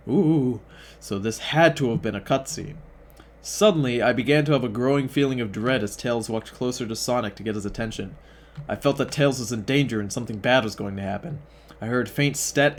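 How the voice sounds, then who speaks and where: A young man reading fan fiction aloud as host, breaking off for sarcastic, profane asides that mock the text. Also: medium pitch.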